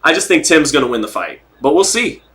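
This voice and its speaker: Guy hosting a livestream, rambling and joking, reading chat out loud, bright kinda high voice. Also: very animated, a little fast. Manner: rambling, joking, reads chat comments aloud. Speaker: livestream host. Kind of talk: casual livestream commentary.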